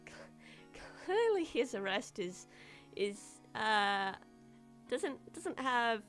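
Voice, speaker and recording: A woman's voice: on the high side, sing-song, drawn-out words, pauses often, a bit bright, faint music behind. A woman streaming a game, chatting casually with jokey, rambling asides. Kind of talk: casual let's-play commentary.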